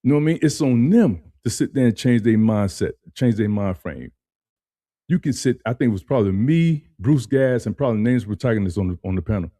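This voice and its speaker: A man's voice: medium pitch, lively intonation, a little fast, mellow, no room sound, clean studio sound. A man hosting a casual reaction video, talking loosely with slang and repeated phrases before playing a clip.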